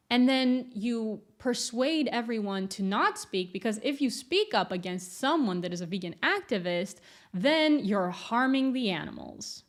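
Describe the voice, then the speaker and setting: Young woman, YouTuber, casual commentary, blunt, candid, laughs often. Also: medium pitch.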